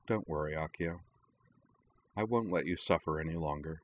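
A quiet young woman speaks in a soft, gentle way, as a man reads her lines. The voice stays low and hushed. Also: moderate pace, slight background noise, lightly acted. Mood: calm. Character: quiet tender young woman, the Rose Bride.

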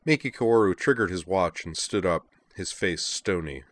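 Brief: male narrator, very low voice, steady storybook reading. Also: normal speed. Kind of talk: audiobook reading of fan fiction.

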